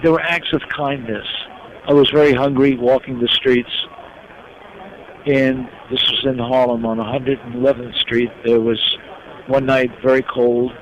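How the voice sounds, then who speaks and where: An older man from New York, a guest in an interview, telling his life story slowly and with emotion. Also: mid-range voice, fairly even intonation. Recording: dull lo-fi recording with noise.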